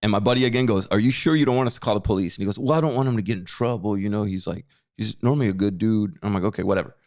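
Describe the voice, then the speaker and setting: A man's voice: lowish voice, very fast. Guy on a podcast telling a wild story, lots of "he goes", voices the people in it. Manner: animated storyteller, acts out quotes, repeats words. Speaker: podcast co-host. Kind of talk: casual storytelling chat.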